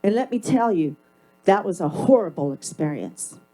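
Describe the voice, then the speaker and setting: A woman's voice: mid-range voice, lively intonation, normal speed, warm tone, rough recording. A woman giving a public comment at a council meeting, speaking into a podium mic in an emphatic, confrontational and sarcastic way. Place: council chamber.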